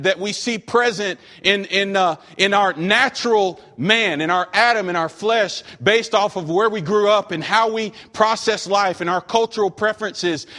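Pastor, male, from Western North Carolina, emphatic sermon delivery with jokes, fairly high voice, long church reverb. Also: a bit bright. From Western North Carolina, USA. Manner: emphatic preaching, slows for scripture, joking asides.

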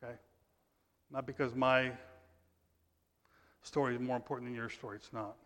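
A man preaching a sermon in a conversational way, reading scripture loudly and emphatically, then dropping to quiet asides. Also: medium pitch, level tone, moderate pace. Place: church sanctuary. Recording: long church reverb.

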